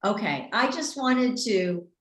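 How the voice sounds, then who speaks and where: A woman hosting a live-streamed interview, cutting in quickly to pass on viewers' questions. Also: fairly high pitch, expressive, reverberant. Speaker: host.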